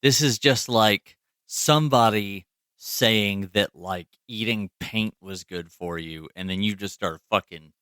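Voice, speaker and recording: A man's voice: fairly low pitch, measured pace, bright, forceful tone, clean tone, no room sound, studio quality. A man co-hosting a podcast in casual chat, rambling and profane with lots of fillers. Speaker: podcast co-host.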